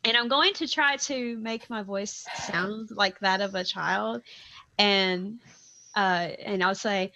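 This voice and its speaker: A woman playing a tabletop game, animated and laughing as she talks her plans through aloud. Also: mid-range voice, slow pace, dull audio. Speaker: player. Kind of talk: casual tabletop play.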